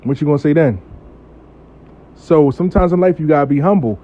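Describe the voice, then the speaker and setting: A man who works as a spiritual worker, telling a story about a client in a blunt, profane, animated way and acting out the voices. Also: fairly high pitch, fairly quick. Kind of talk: casual storytime monologue. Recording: dull lo-fi audio.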